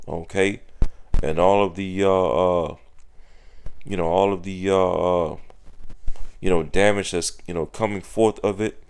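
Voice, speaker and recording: A very low-pitched man delivers a sermon, reading scripture passages aloud. He punctuates nearly every phrase with "okay", "all right" and "you know", pressing each point home. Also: a little mellow, slight background noise. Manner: emphatic, with frequent "okay" and "you know" fillers. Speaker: preacher.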